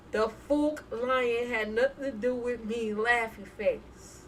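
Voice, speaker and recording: A woman's voice: on the high side, takes it slowly, distant mic, slight background noise, poor audio. A woman hosting a casual live stream, chatting and laughing as she reads viewer emotes aloud. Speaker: reaction streamer.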